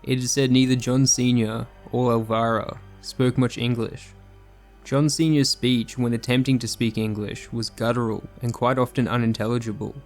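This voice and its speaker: A man's voice: mid-range voice, little pitch movement, normal speed, faint music behind. Man narrating true crime, sombre. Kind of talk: scripted narration.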